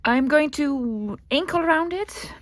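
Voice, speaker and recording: A woman's voice: high voice, expressive, slow pace. A woman with a Dutch accent chatting casually while crafting at her desk, thinking aloud and answering her own questions. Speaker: crafting vlogger.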